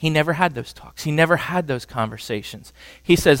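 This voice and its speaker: A man preaches in a relaxed, conversational way and keeps checking in with his listeners. His voice sits on the high side for a man. The sound is close and dry, with no room echo. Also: fairly quick. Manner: conversational, checks in with "okay?" often. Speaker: preacher teaching on marriage. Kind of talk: sermon.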